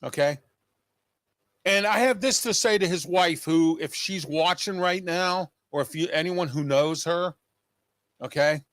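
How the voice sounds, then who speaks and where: A man with a rather high, slightly slow, somewhat bright voice hosts his own show, delivering a personal monologue straight to viewers. He sounds agitated and emphatic, repeating his points, in clean studio sound with no room echo.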